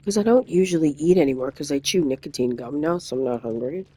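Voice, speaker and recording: A gaming streamer spinning a casual, meandering story for an audience. The delivery is animated and full of false starts and self-corrections, drifting from one aside to the next. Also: medium pitch, fast talker, poor audio. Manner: rambling, animated anecdote with many restarts.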